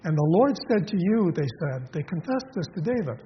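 A man preaching a sermon, reading scripture verses aloud in a measured way, then explaining them with pauses and fillers. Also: high-pitched, very animated. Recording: lo-fi hall recording with long reverb and faint noise.

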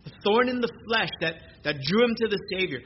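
A man's voice: high-pitched, lively intonation, a little fast. A man preaching a sermon in an earnest way, often repeating words as he restarts his sentences. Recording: muffled lo-fi sermon recording with background noise.

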